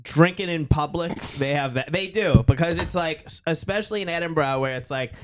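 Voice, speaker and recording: A man's voice: a little high, fairly quick, a crowd in the background. A laid-back young man, an actor and comedian, in casual chat, swearing a lot and saying "dude" often. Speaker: podcast co-host, actor and comedian.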